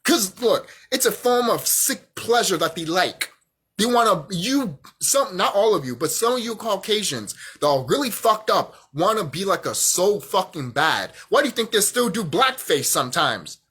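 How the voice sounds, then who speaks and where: A man's voice: sits high, big pitch swings, normal speed, sharp tone, breathy edge. A young man vlogging a heated, profane rant, often repeating himself. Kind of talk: angry rant monologue.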